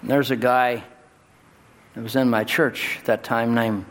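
A male pastor delivering a sermon in a church, his voice jumping high and loud on key words. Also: level tone, measured pace. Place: church sanctuary. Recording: long hall reverb, faint ambience.

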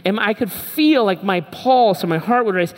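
A man's voice: sits high, moderate pace. Candid preaching man in a reverberant hall. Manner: candid and emphatic, with repeated short phrases. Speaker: pastor. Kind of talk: sermon. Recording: long reverb from a large hall.

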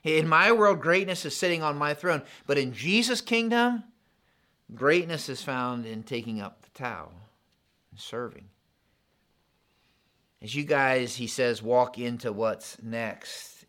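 Built around contrasts, this sermon comes from a male pastor whose voice sits in the mid-range. He preaches in a lively, conversational way.

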